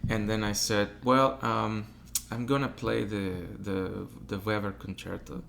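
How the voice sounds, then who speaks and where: Low gravelly man telling animated stories. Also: measured pace, slight background noise. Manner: animated storyteller who acts out quotes and hums melodies. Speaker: tenor telling his story as a guest. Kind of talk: casual interview storytelling.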